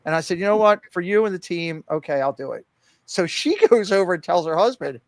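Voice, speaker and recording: High-voiced, animated storytelling man. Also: fairly quick, dry recording. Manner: animated, laughing storyteller who acts out quoted lines. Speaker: podcast co-host. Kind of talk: casual storytelling chat.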